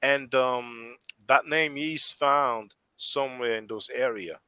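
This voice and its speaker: French-accented male stream host, bright tone, thinks aloud with frequent restarts. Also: medium pitch, slow pace, clean tone, no room sound, low-quality recording. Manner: rambling, restarts often while thinking aloud. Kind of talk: casual discussion on a live stream.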